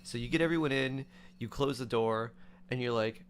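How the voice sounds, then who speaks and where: A man streaming, casually retelling a dream in a chatty, animated way with many fillers. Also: medium pitch, normal speed, clean tone.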